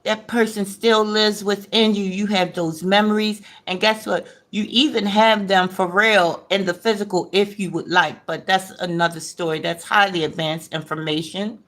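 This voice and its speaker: A woman vlogger, chatting during a mukbang with a playful, animated delivery and sudden high rises. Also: normal speed, hardly any pauses. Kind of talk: mukbang chat.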